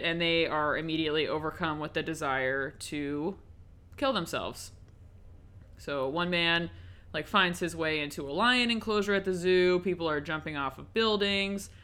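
A woman's voice: fairly low pitch, pushed and bright, smooth. A woman giving a casual, chatty recap and review of a horror film, with frequent ums and likes.

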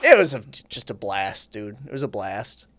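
Lively, joking man in casual chat. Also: lowish voice, no echo. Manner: joking, quick interjections, laughs often.

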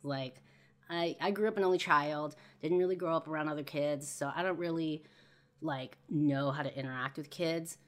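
A woman's voice: deep voice, normal speed. A young woman hosting a podcast, telling a personal story in a rambling way full of "you know" and "like". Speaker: podcast host.

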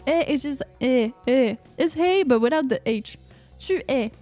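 Playful high-voiced woman hosting a stream. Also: lively intonation, moderate pace, warm tone, soft background music. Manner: playful, chatty, frequent "uh-huh" fillers and giggles. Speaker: radio show host. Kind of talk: casual live-stream chat.

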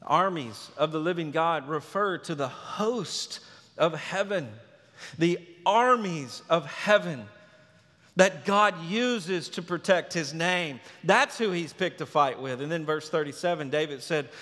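A man preaching a sermon as pastor, telling the story in an animated, emphatic way. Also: fairly high pitch, measured pace. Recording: reverberant hall.

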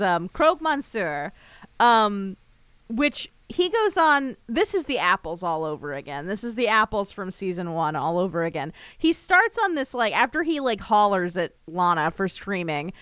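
A woman co-hosting a podcast, telling the story in a wry, rambling way with lots of fillers. Her voice is smooth and clear, and it swings up and down with plenty of life. The sound is dry and close. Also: medium pitch, fairly bright tone, dry recording. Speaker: podcast co-host. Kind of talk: casual chat recap.

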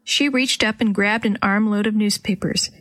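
Female narrator for a kids' storybook, dry close recording, gentle character voices. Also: mid-range voice, steady tone, moderate pace, dry recording. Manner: reads dialogue with light character voices. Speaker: audiobook narrator. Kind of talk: children's storybook reading.

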